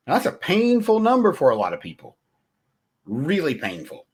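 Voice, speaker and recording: A man's voice: on the high side, wildly swooping pitch, normal speed. A man hosting a podcast, giving blunt sales coaching in a conversational way and often checking in with "right?". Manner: talks straight to the listener, blunt. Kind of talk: solo motivational sales talk.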